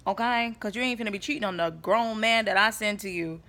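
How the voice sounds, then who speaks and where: A woman's voice: medium pitch, a little fast, fairly bright tone. A woman giving a casual faith talk to camera, chatty and emphatic, often checking in with her listeners. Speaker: vlogger.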